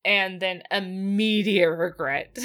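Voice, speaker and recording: A woman's voice: mid-range voice, steady tone, slow pace, a bit bright. A woman chatting casually as a podcast co-host, laughing often and acting out quoted lines. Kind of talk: casual recap chat.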